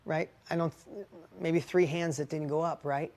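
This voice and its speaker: A middle-aged man coaches a live mastermind group in a motivational talk, casual and animated at a moderate pace. He calls on audience members by name, and his pitch jumps up whenever a story gets exciting.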